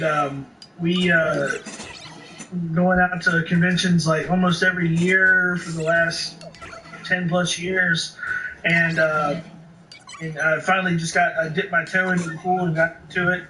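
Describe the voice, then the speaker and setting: Hesitant high-voiced man, echoey room. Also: pushed and bright. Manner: hesitant, rambling with many restarts. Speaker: podcast guest. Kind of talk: casual podcast chat. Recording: echoey room, distant noisy mic.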